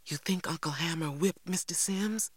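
A man voicing a spirited young girl, eager and high. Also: expressive, moderate pace, no echo. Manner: eager, exclaiming questions. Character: spirited young Southern girl, impatient and proud.

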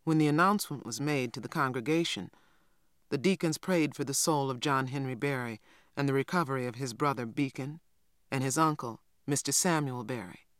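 A man reading a children's novel aloud in steady scripted narration. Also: mid-range voice, brisk, clean tone, no room sound, clean studio sound. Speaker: audiobook narrator.

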